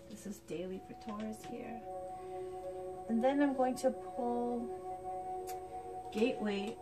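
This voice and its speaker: A woman giving a casual tarot reading, talking in a chatty, unhurried way and thinking aloud as she goes. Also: medium pitch. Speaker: tarot reader. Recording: music playing underneath.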